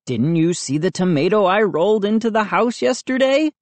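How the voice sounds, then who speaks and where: A woman's voice: medium pitch, animated, normal speed, no echo, voice pushed up, close to an everyday voice. A woman playing a wisecracking family dad. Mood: joking. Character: joking, easygoing family dad.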